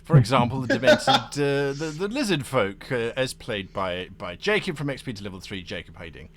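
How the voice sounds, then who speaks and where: A man's voice: medium pitch, very animated, brisk, fairly bright tone. A man hosting and narrating a tabletop game, chatty with laughing asides and dramatic narration. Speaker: game master.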